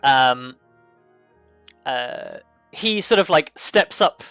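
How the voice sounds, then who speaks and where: Brief: a man game master narrating, halting with fillers; clean, dry close mic. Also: mid-range voice, expressive, gravelly, a bit bright, clear, resonant tone, no echo, soft background music.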